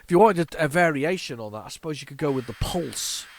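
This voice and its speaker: A man's voice: fairly high pitch, lively intonation, fast talker, no echo, rough recording. A man in his forties, hosting a retro gaming channel, rambling and nostalgic, with frequent stammering restarts and repeated words. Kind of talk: casual off-the-cuff commentary while loading a tape.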